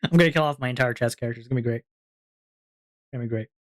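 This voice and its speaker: Signing off a laid-back stream, this streamer talks fast in a middle-pitched, fairly level voice. The chatter is unscripted and meandering, packed with fillers and lots of giggling.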